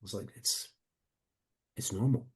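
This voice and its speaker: A man's voice: measured pace, darkish tone. A man in a testimonial interview, earnestly and reflectively telling his own story as a coaching client.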